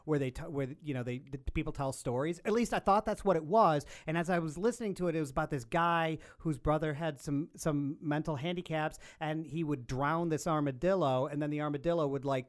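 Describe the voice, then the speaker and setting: A man co-hosting a comedy podcast, telling stories in a rambling, animated way with lots of restarts. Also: a little high, a little fast, hardly any pauses. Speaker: podcast host. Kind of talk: casual comedy podcast chat.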